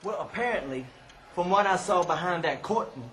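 Theatrical wrestler, high springy voice, teasing put-downs. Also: male voice, expressive, normal speed, fairly bright tone. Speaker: pro wrestler answering a rival. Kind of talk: arena wrestling promo.

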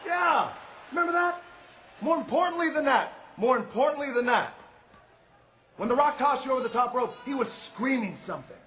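Brash wrestler, loud third-person trash talk, high bright tone, roomy arena sound. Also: male voice, animated, moderate pace. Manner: boastful, shouting, refers to himself in the third person. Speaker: pro wrestler cutting a promo. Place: large indoor arena. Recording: echoey arena with faint crowd noise.

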